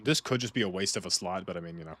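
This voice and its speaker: Slangy young man, lowish voice. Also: very fast, a bit bright, slight background noise. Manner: slangy, swings between muttering and exasperated outbursts. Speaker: gamer. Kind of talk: casual gameplay commentary.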